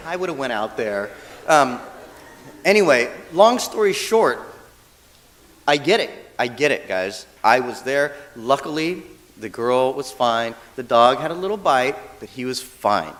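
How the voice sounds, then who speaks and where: A man's voice: mid-range voice, unhurried. A male minister giving a casual, humorous dharma talk, often checking in with the audience. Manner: animated, acts out quoted voices, asks audience "right?". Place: church hall. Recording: long hall reverb.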